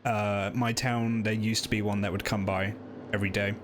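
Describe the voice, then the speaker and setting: A man's voice: fairly low pitch, little pitch movement, normal speed, noisy background. A man giving casual game commentary, rambling and hesitant with a wry edge. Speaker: streamer.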